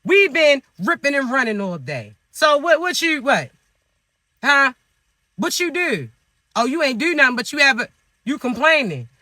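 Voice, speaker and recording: A man's voice: very high-pitched, big pitch swings, normal speed, sharp tone, no room sound. A man giving spiritual advice in a monologue, scolding the listener with teasing rhetorical questions. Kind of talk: motivational monologue to viewers.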